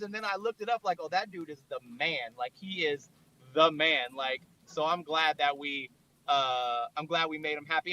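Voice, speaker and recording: Through dull, lo-fi online audio, a videographer and director rambles through a story in casual chat, packed with "like." His voice sits high and has a sharp tone.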